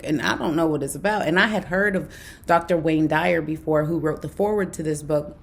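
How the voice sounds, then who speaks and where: A woman's voice: low-pitched, a little fast, gravelly. A young adult woman hosting a casual book review, telling a story animatedly and acting out the quoted dialogue. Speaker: book club host.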